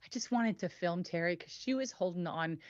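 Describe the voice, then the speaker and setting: A woman co-hosting a weekly web show in casual chat, telling animated stories with lots of laughter. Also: lowish voice, fairly quick, no echo, lo-fi sound. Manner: animated storyteller, laughs often, does excited impressions.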